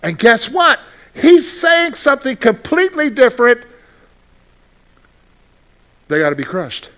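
Man, pastor, sermon, high-pitched voice, conversational, asks the congregation questions. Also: very animated, sharp tone. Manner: slow, deliberate scripture reading.

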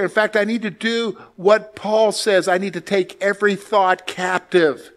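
A man pastor preaching a sermon, emphatic, moving between loud exclamations and quiet asides. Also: sits high, little pitch movement, a little slow, few pauses.

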